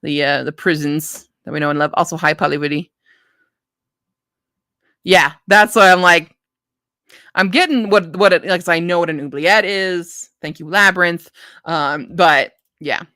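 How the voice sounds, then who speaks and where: A woman's voice: fairly low pitch, normal speed, pauses often, no room sound, clean studio sound. A tired woman chatting casually on a live stream about books she might read. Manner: chatty, animated, talks to her puppy in a soft baby voice. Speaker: book reviewer streaming live.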